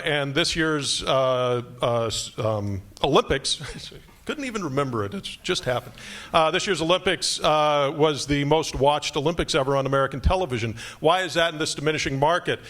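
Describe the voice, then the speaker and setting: A male professor giving a quick, joking talk to new students in an auditorium. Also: on the high side. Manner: fast, joking, lively talk. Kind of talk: lecture to incoming students.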